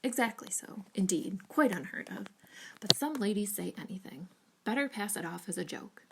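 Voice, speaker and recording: A woman's voice: mid-range voice, animated, normal speed, gravelly, very noisy. A woman doing a meek, placating husband. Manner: soothing, murmured agreement.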